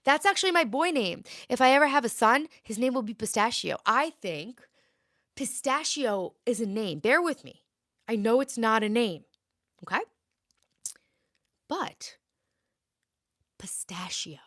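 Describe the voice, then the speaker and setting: Lively, playful woman chatting on a livestream. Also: fairly high pitch, a little slow, long pauses. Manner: chatty, playful, talks to viewers. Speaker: livestream host. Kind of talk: casual livestream chat. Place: home, indoors.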